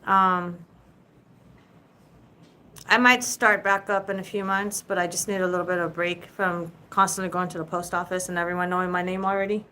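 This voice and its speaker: A woman's voice: fairly low pitch, little pitch movement, moderate pace, bright, forceful tone, low-quality recording. A woman and mother hosting a casual live chat, talking in a loose, rambling way and swearing freely. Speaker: livestream host.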